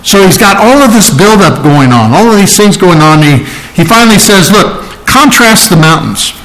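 A man's voice: high voice, expressive, normal speed, a bit bright, low-quality recording. A man preaching an expository sermon, explaining scripture word by word, with frequent restarts and rising emphasis on key phrases. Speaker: pastor.

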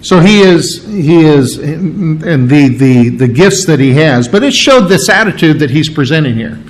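A man's voice: fairly high pitch, expressive, a little slow, rough recording. A man preaching an expository sermon, working through word meanings step by step and stressing the key words.

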